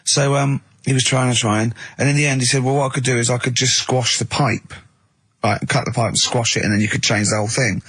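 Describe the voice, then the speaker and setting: A man co-hosting a radio show, telling lively anecdotes in casual banter and mimicking the people he quotes. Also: medium pitch, brisk, slightly rough, no echo. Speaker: radio co-host. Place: radio studio.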